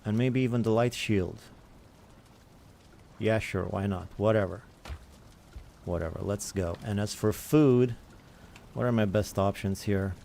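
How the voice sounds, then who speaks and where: A man's voice: lowish voice, unhurried, gravelly, pauses often, mellow, a little hiss or hum. A man giving rambling, self-mocking commentary while he plays a survival game and answers chat. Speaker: gaming streamer. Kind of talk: casual let's-play commentary.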